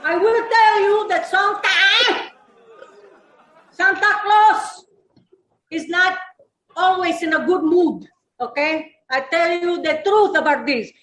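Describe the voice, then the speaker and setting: A woman's voice: extremely high pitch, slow, long pauses, a bit bright, reverberant, some chatter behind, full character voice, poor audio. A woman playing a brassy, flirty Mrs. Claus with a voice, laughing through her lines at a live comedy roast. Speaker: roast guest.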